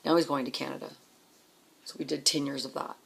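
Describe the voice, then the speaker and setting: Middle-aged woman, raspy edge, telling it straight with plenty of swearing. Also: very deep voice, steady tone, a little fast. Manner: blunt, swears often, repeats words when emotional. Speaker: trucker's wife telling her story. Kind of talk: candid personal storytelling.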